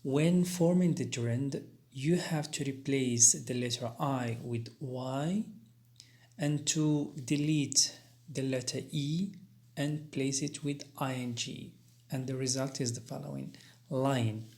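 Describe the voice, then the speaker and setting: Slowly and deliberately, a man teaches an English grammar lesson on spelling rules, spelling out letters with careful pauses and fillers. His voice is medium-pitched and darkish, with vocal fry.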